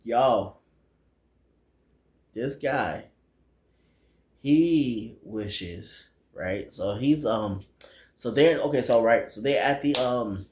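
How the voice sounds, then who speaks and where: A man's voice: mid-range voice, drawn-out words, long pauses, darkish tone, reverberant. A man recapping a movie in a slangy, rambling way, with lots of fillers. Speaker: movie reviewer.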